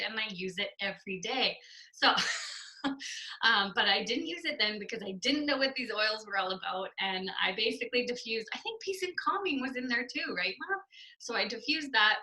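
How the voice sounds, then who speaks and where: A young woman from Canada, chatty and quick to laugh, sounding tired and yawning as she shares her story on a group call. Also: on the high side, lively intonation, sharp tone, poor audio. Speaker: guest speaker on a group call. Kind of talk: casual chat.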